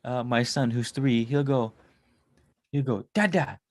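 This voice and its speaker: A man's voice: medium pitch, level tone, a little slow, a little mellow, dry recording. A man in his thirties, a tarot reader, talking in a casual, rambling monologue and swearing often. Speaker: tarot reader and spiritual consultant.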